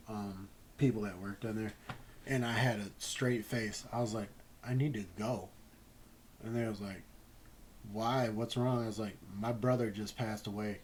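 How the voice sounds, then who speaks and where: Low-voiced man telling a story haltingly. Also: a little mellow, a little hiss or hum, low-quality recording. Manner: rambling, halting, swears freely. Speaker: gaming channel host. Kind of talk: casual personal storytelling.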